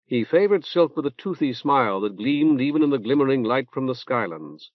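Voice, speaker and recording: A man reading an audiobook in a plain, measured narration style. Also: medium pitch, sing-song, no echo. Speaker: audiobook reader. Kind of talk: scripted narration. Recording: dull dry tape transfer.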